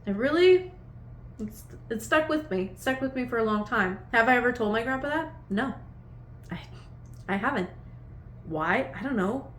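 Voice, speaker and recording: A woman's voice: a little high, animated, normal speed, long pauses, a little hiss or hum. Chatty woman in an echoey room. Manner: chatty, meandering, full of "like" fillers. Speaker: vlogger. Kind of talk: casual reflective storytelling to camera. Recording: echoey room with faint ambience.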